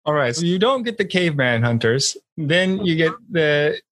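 A man's voice: on the high side, animated, moderate pace, fairly bright tone, dry recording. A man hosting a podcast, asking easygoing questions in a casual interview. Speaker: podcast host.

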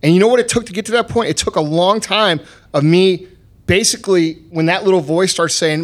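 A man hosting a motivational podcast who talks bluntly and swears freely. His voice sits a little high for a man. He hammers each point home with force. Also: fairly quick. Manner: blunt, profane, emphatic. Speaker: podcast host.

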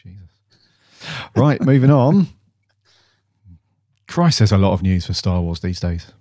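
Low, mellow co-host. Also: male voice, very animated, unhurried, no echo, studio quality. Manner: laid-back banter, casual swearing. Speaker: podcast co-host. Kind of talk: casual chat.

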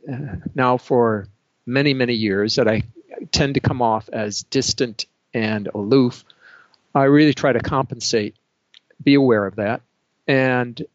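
A middle-aged man speaks in a measured, dry, understated way as an interview guest. His voice sits at an everyday pitch. The audio is slightly dull and lo-fi, with a close, dry sound. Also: dry recording. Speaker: professor and research supervisor. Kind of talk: casual interview answers.

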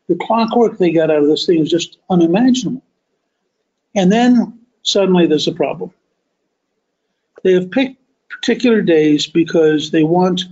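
A man's voice: on the high side, darkish tone. A man lecturing on history, retelling events as a vivid, emphatic story. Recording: dull lo-fi recording.

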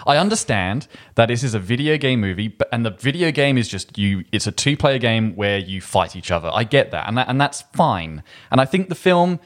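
A man chatting casually about a film, lively and quick, often restarting his sentences. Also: medium pitch. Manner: animated, quick bursts, frequent restarts. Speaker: film review podcast host.

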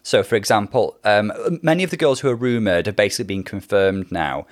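A man's voice: fairly low pitch, big pitch swings, a little fast. Wry, chatty man co-hosting a podcast. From Britain. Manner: wry, chatty, laughs often. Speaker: podcast co-host. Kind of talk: casual chat.

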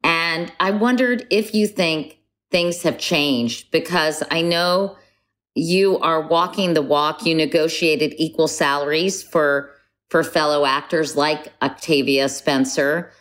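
A woman's voice: low-pitched, takes it slowly, a bit bright. A woman hosting an interview, asking direct questions with enthusiasm. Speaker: interviewer host. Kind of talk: casual interview.

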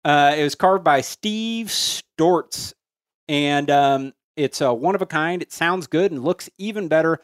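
A fairly high-voiced man reads sale listings on a casual podcast, slowing down to spell handles out one letter at a time. He sits at a close studio mic, and the sound is dry and tight with no room around it. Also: smooth, no room sound. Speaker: podcast co-host reading listener listings.

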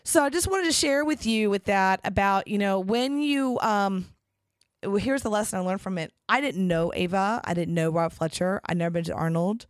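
A woman's voice: mid-range voice, moderate pace, dry recording, studio quality. A middle-aged woman hosting a podcast, talking casually and chattily with lots of fillers. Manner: chatty and animated, many fillers. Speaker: podcast host. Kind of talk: casual monologue.

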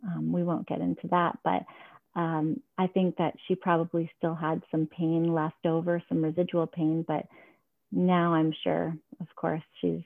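A woman's voice: low-pitched, flat delivery, a little slow, gravelly, no room sound. A woman guest telling a personal story in an earnest, reflective, heartfelt way. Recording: tinny phone-line sound, dry.

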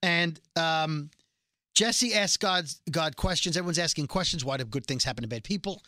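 Man, casual TV recap, animated storytelling, bright voice, dry close sound. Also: fairly high pitch, moderate pace, dry recording. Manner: animated storytelling, acts out quotes.

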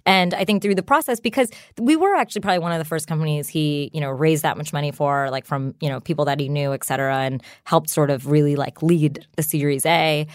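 A low-pitched woman in her thirties talks as a guest on an interview show, loose and conversational, peppering her sentences with "like" and "you know". The studio sound is close and dry. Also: fast talker, few pauses, no room sound. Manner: chatty, frequent "like" and "you know" fillers, laughs often. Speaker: startup founder, guest. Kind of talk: casual interview chat.

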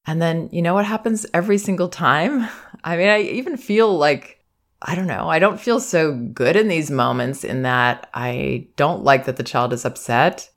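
A woman with a slightly gravelly, fry-touched voice talks through parenting advice in an unhurried monologue. She sounds gentle and reflective. Now and then she slips into the soft, soothing phrases a parent might say to a child. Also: low-pitched. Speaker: parenting educator and podcast host.

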